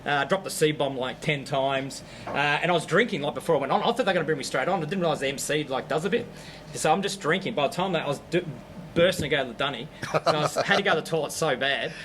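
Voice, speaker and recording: A middle-aged Australian man, a stand-up comedian, telling stories in a laughing, animated way in a casual podcast chat. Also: fairly high pitch, fast talker, slight background noise.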